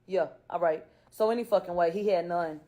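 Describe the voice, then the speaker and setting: A woman's voice: fairly low pitch, fairly quick, mellow, dull audio. A woman in casual commentary, bluntly retelling court testimony with profanity and questions to her viewers. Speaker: YouTuber recapping court testimony.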